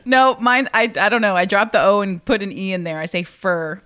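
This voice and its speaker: Woman host, friendly interview chat, mid-pitched everyday voice. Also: fast, bright, forceful tone. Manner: encouraging, chatty.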